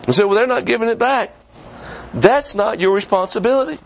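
Preaching male pastor, fairly high voice. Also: vocal fry, a little hiss or hum, rough recording. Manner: preaching with quick rises and drops in pitch. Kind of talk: sermon. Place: church sanctuary.

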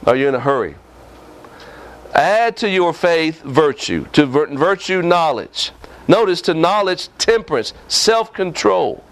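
A man's voice: fairly high pitch, very animated, a little slow. A male preacher, preaching a sermon in a folksy, scolding way and often asking the congregation questions.

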